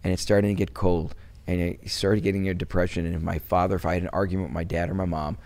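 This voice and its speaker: A man's voice: low voice, level tone, fast talker. A middle-aged man from Wisconsin, a guest talking casually and rambling with many restarts. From Wisconsin, USA. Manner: rambling, many restarts, turns soft when recalling loss. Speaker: interview guest. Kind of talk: casual interview conversation.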